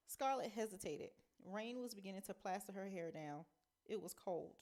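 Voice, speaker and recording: A woman teacher reading a novel aloud in a measured storytelling manner. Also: mid-range voice, animated, darkish tone.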